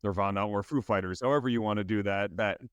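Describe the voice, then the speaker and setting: A man co-hosting a podcast in casual chat, easygoing and chuckling with quick asides. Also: on the low side, smooth, no room sound, studio quality. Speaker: podcast co-host.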